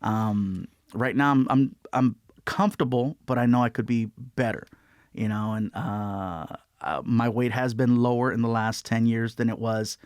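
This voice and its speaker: A man of middle pitch talks casually as an interview guest. He tells stories with relaxed energy and readily drops into impressions. The sound is close and dry. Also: moderate pace, no room sound. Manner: storytelling, lively, breaks into voices. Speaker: guest comedian.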